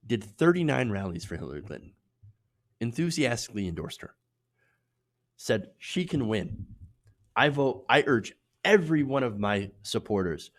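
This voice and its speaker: Emphatic, animated male political commentator. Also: lowish voice. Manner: emphatic, indignant, repeatedly raising his voice for emphasis; rambling, with many fillers and restarts when speaking off the cuff. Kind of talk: live-streamed political commentary.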